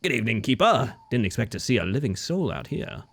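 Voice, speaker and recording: A friendly, boastful fishing-boat captain from a video game, folksy and chatty, as a man reads his lines aloud. The voice swings lively up and down, with a mid-range pitch. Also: a little fast, breathy edge, full character voice.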